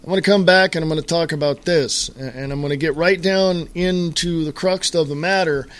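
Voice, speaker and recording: Talk radio guy going off, exasperated, lots of uh and restarts, voice on the higher side. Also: a bit bright. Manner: exasperated ranting, addresses listeners as folks; halting with fillers and repeated starts. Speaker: radio show host. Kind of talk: solo talk radio rant.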